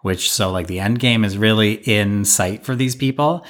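A man with a fairly low voice talks through a TV episode with his co-host. He rambles thoughtfully, pausing on fillers as he works out his points. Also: fairly bright tone. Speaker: podcast co-host. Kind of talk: casual recap chat.

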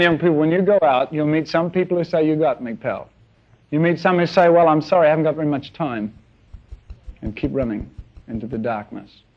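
A man preaching a sermon to young people, telling a story animatedly and acting out scenes with sound effects. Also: fairly high pitch. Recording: dull lo-fi sermon recording.

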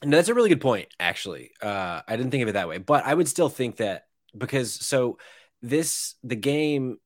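A man's voice: mid-range voice, sing-song, moderate pace, no room sound, studio quality. A young man co-hosting a podcast, telling a rambling, sweary anecdote full of fillers and restarts. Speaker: podcast co-host. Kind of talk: casual storytelling chat.

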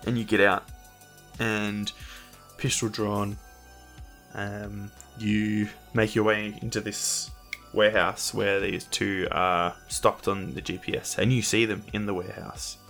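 Game master with a deep voice, steady and vivid narrator, casual delivery. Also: male voice, takes it slowly, soft background music.

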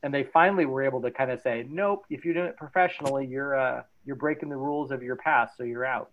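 A man hosting a casual podcast interview, asking questions in a halting way with many fillers. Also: medium pitch, a little hiss or hum. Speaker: podcast host. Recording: dull lo-fi recording.

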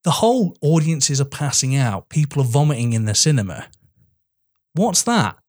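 Animated man reviewing films. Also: normal speed. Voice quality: animated, emphatic, rising pitch when excited. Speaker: podcast co-host. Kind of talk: casual film review chat.

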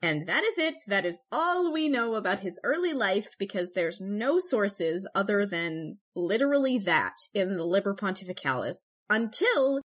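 A woman co-hosting a podcast in casual, joking chat who laughs often and turns brisk when going through history notes. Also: mid-range voice, a bit bright. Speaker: podcast co-host.

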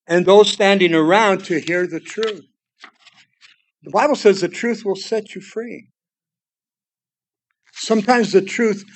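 A man preaching a sermon, swinging between loud exclamations and hushed, quiet passages. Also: high-pitched. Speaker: pastor.

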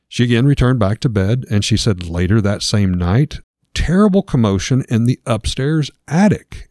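A man's voice: medium pitch, a little mellow, dry recording, studio quality. A man casually retelling a ghost story as a podcast host, with lots of filler words.

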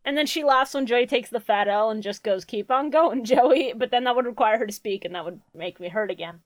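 A woman's voice: medium pitch, quick pace, no room sound. A young adult woman co-hosting a podcast in casual chat, laughing often and swearing freely. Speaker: podcast co-host.

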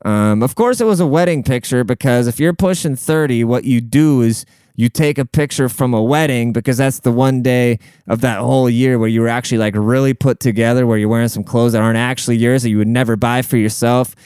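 A man's voice: mid-range voice, fairly quick, darkish tone, clear, resonant tone, no room sound. A man in his late twenties rambling in a casual, profane, slangy monologue.

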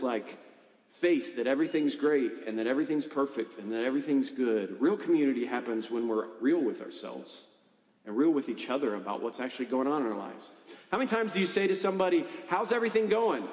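A man preaching a sermon in a conversational, animated way, often checking in with the congregation. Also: medium pitch. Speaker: pastor. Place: church hall. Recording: echoey hall with long reverb.

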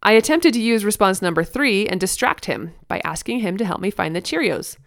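A woman in her thirties hosting a parenting podcast, speaking earnestly, laughing softly now and then as she reads her own blog post. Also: mid-range voice, lively intonation, a little fast, vocal fry, no room sound, clean studio sound. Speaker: podcast host.

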